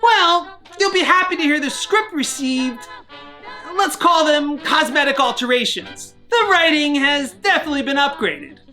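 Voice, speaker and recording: Brief: woman host reading a game review script, wry and jokey, crisp bright tone, lively intonation. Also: sits high, moderate pace, soft background music.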